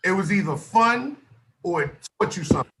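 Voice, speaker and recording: A man from Northern Illinois, a guest on a podcast, telling stories in animated casual talk with bursts of loud laughter. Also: sits high, fairly quick, noisy background. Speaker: guest rapper.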